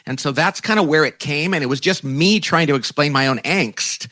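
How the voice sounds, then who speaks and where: Animated man telling a story. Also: a little high, moderate pace, no echo. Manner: animated, self-deprecating, acts out quoted voices. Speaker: guest author. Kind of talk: conversational storytelling.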